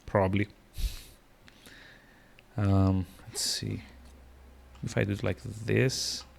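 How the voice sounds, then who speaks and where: A man's voice: fairly low pitch, flat delivery, slow, vocal fry, a little hiss or hum. A man streaming a video game, rambling with lots of fillers and restarts as he plays. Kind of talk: casual gameplay commentary.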